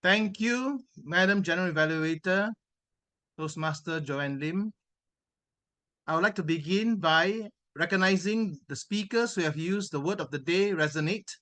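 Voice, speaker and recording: A man on a video call presenting a grammarian's report at a speaking club meeting, correcting phrases in a measured way and repeating words for emphasis. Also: sits high, pushed and bright.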